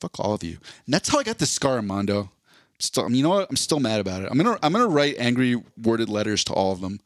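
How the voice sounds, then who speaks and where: A podcast host in his forties spins a long, rambling story, swearing along the way and packing it with fillers and restarts. His medium-pitched voice is very animated and fast, recorded with studio quality and no room sound.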